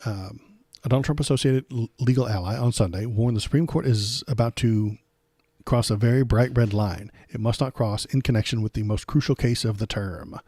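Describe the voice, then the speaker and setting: A man's voice: mid-range voice, a little fast, mellow, husky, dry recording, studio quality. Sarcastic, indignant male political streamer. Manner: sarcastic, indignant, rambling with fillers. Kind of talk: casual political commentary.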